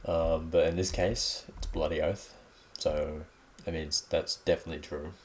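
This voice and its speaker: Deep-voiced young Australian man rambling. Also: little pitch movement, normal speed, a little mellow, slight background noise. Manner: rambling, laid-back, many ums. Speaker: podcast host. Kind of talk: casual solo podcast chat.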